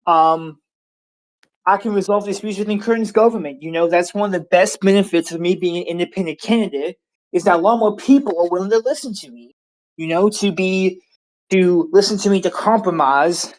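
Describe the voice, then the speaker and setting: A woman with a somewhat low voice answers a debate question, confidently talking up her own record. Her delivery is assured and persuasive. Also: a little mellow, low-quality recording. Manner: confident, self-promoting. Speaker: debate candidate, sitting prime minister.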